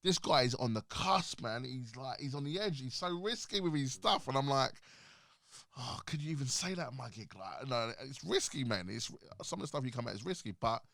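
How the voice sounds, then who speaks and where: A man's voice: medium pitch, expressive, fairly quick, vocal fry, fairly bright tone, no room sound. A man hosting a casual chat in a studio, talking animatedly, laughing often and restarting his sentences. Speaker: podcast host.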